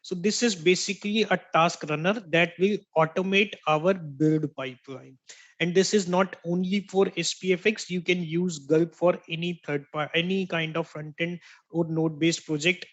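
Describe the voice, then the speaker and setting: A man teaching an online software training class, explaining step by step, repeating key terms and checking in with "right?" after each point. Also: on the high side, fairly even intonation, normal speed. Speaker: software instructor. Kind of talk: online tech training lecture.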